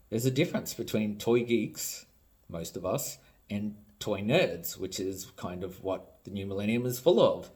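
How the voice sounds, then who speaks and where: A tired Australian man who makes toys, ranting in a blunt, sarcastic and profane casual vlog. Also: fairly low pitch. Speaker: toy maker and vlogger. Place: home.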